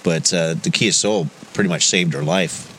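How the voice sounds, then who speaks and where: Low-voiced man, halting speech. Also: a bit bright, low-quality recording. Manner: halting, filler-heavy. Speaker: co-host. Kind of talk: casual chat. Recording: faint background noise.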